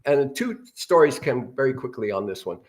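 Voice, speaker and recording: A man's voice: medium pitch, animated, normal speed. An older man, a guest actor, telling rambling anecdotes in a casual interview.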